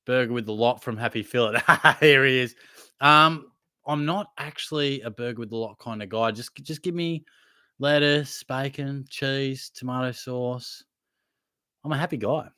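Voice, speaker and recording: A man's voice: mid-range voice, fairly even intonation, measured pace, bright, forceful tone, smooth, no echo, studio quality. A young man hosting a casual live Q&A, reading out viewers' questions and answering them in a laid-back, matey way. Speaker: livestream host answering chat questions.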